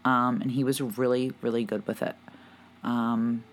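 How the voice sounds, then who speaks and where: A young woman talking to her viewers in a personal vlog, halting and emotional, with many pauses and fillers. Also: very deep voice, fairly even intonation. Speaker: vlogger.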